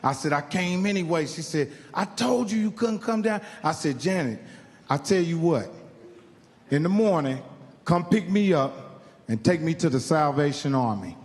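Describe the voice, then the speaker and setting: A man's voice: a little high, animated, moderate pace, in a large hall. A man from Indiana doing stand-up, telling a profane story and acting out the other people in it. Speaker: stand-up comedian. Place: live comedy venue.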